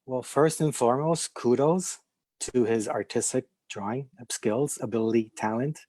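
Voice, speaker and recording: A man's voice: mid-range voice, normal speed, warm tone, no room sound. A man from Canada, a podcast guest and illustrator, talking casually with a stutter, many fillers and restarts, and easy laughter. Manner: laughs easily. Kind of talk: casual conversation.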